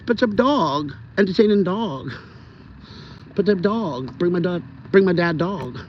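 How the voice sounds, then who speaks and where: A man's voice: sits high, expressive, a little slow, dull audio, slight background noise. A man voicing his own goofy, simple-minded male toy poodle, chanting short repeated phrases.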